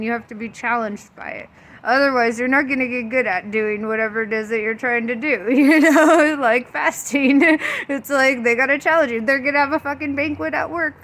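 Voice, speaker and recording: A woman's voice: high voice, fairly bright tone. A woman in casual spiritual chat who laughs often and swears freely in a loose, chatty way. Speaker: tarot reader and spiritual vlogger.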